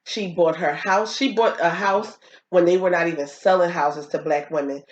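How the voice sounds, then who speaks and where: A woman co-hosting a casual talk show, telling family stories and acting out quotes in a higher voice. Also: normal speed. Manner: animated, acts out quotes in a high voice. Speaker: co-host. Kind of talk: casual storytelling chat. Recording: roomy, dull lo-fi sound.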